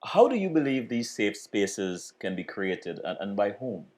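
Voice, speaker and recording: A man hosting an interview, asking questions in an animated, inquisitive way. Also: fairly low pitch, measured pace. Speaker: interviewer, host. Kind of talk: interview conversation. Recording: roomy echo.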